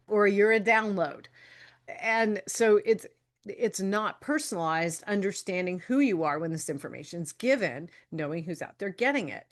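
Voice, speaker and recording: A woman hosting a solo podcast as a health coach, talking in a chatty, frank way, laughing often, swearing casually and stretching words for emphasis. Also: a little high.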